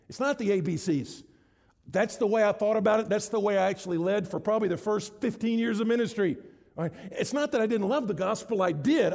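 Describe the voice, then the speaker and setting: A middle-aged man preaching a sermon, building to loud, emphatic, high-pitched stretches. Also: creaky, long reverb tail. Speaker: pastor.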